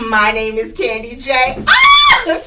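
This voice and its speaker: Bubbly black host lady, high lively voice, teasing, roomy distant mic. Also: moderate pace, heavy background noise. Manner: playful, teasing, laughs often. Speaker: talk show host. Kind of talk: casual panel talk show. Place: studio room with guests at a table.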